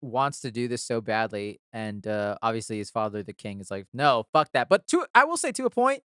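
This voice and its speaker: Smooth, upbeat man chatting. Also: fairly low pitch, sing-song, a little fast, a bit bright, no room sound, clean studio sound. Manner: enthusiastic, laughs often, swears casually. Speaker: podcast co-host. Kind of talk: casual chat.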